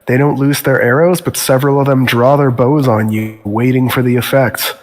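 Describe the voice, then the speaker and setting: Give me a man as game master, calm and dry, with a long room reverb. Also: mid-range voice, moderate pace. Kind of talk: narrating a tabletop game.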